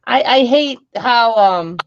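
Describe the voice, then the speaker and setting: A woman's voice: fairly high pitch, animated, slow, a little hiss or hum. A woman hosting a live stream, chatting casually and teasing her guests with frequent laughter. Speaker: livestream host. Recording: dull lo-fi stream audio.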